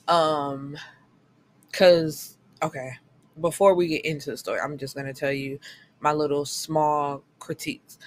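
A woman chatting casually through a book review, blunt and candid, swearing freely and retelling the plot with quick acted-out quotes. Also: sits low, steady tone, a little hiss or hum.

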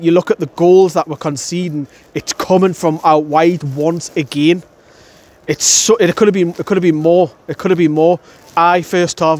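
A young man from North East England, giving an angry, blunt fan reaction outdoors by a stadium, swearing and repeating himself. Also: fairly high pitch. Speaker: fan channel presenter. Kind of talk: post-match fan reaction. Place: outdoors outside a stadium, wet weather.

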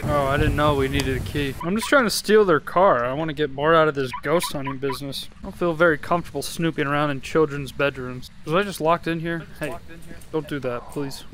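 High-voiced man joking through a game. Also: a little fast, few pauses, noisy background. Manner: jokey, swearing, yelps and screams when scared. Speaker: gaming YouTuber. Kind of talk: comedic gameplay commentary.

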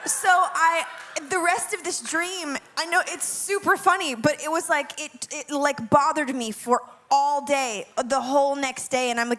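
A woman worship leader telling a funny dream story, animated and dramatic, laughing as she goes. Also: sits high, a little slow. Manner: animated, laughing often, dramatic self-mocking asides. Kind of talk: humorous dream storytelling to a class.

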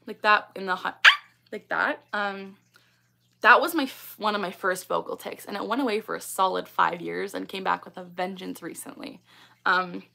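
Young woman rambling chattily on her livestream, bright voice, lots of ums. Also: mid-range voice. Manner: chatty, many ums and likes, laughs often. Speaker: livestream host. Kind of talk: casual livestream chat reading comments.

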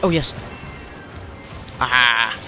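A man commentating his own gameplay, swinging between muttered complaints and panicked, swearing yells. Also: medium pitch, extremely slow. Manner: panicky, yelling, swearing outbursts. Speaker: let's play gamer. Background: game music.

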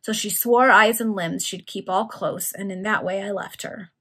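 A woman doing a gruff, slangy male thief. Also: mid-range voice, steady tone, moderate pace, a bit bright. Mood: reporting. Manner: growling, slangy dialect. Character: low-class male thief, gruff and rough-spoken.

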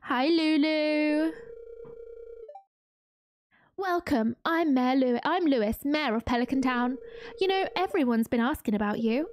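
A fussy older village mayor greets a new arrival with formal small talk, as a woman reads his part. The delivery is unhurried and stays on the high side. It is recorded dry and close. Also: lively intonation, dry recording. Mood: welcoming. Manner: formal, chatty welcome.

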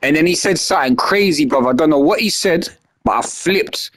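Animated young man telling a story. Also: a little high, brisk. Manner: animated, slangy, acts out his own lines loudly. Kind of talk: casual storytelling.

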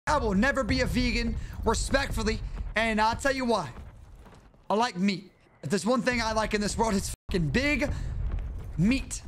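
A young man with a high-pitched voice runs a live gaming stream, hurling brash, profane taunts at his opponents. Gunfire and game noise sit clearly under his voice. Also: expressive, moderate pace, long pauses, fairly bright tone. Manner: brash, profane trash-talking. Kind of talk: casual live-stream commentary while gaming.

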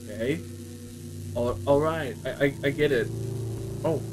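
A man's voice: mid-range voice, a little slow, over music, rough recording. A young man commenting while playing a horror game, jumpy and joking, often gasping and exclaiming. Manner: jumpy, exclaims "oh" a lot, jokey. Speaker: gaming YouTuber.

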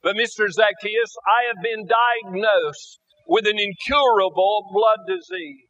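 A man's voice: unhurried, fairly bright tone, distant mic. A preacher voicing a desperate, sick woman pleading tearfully for mercy, on a dull lo-fi recording. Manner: pleading, raised tearful pitch.

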